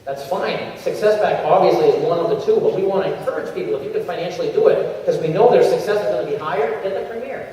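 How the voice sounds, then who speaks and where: A man giving an energetic coaching talk to a convention crowd, acting out little scenes in changing voices. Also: sits high, fast talker, few pauses, slight background noise. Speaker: motivational speaker at a sales convention. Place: large convention hall. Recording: echoey convention hall, far from the mic, dull sound.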